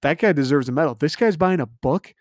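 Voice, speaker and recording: A man's voice: a little high, animated, brisk, no room sound, clean studio sound. A young man hosting a podcast, recapping a reality dating show in a casual, profane, sarcastic rant full of mocking asides. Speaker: podcast host.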